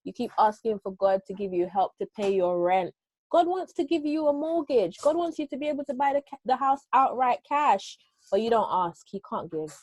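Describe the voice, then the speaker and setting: A woman's voice: medium pitch, expressive, fairly quick, no echo, rough recording. Woman preaching on a dry call. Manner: preaching, scolding rhythm. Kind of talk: preachy motivational talk. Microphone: video call.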